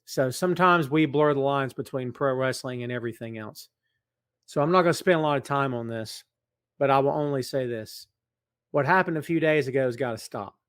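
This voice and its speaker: A middle-aged podcast host, his medium-pitched voice clear, resonant and a little fast, chats casually on a live stream, naming and teasing viewers and then speaking with serious earnestness. The mic sits in front of a camera in a large empty building, yet the recording is dry with clean studio sound.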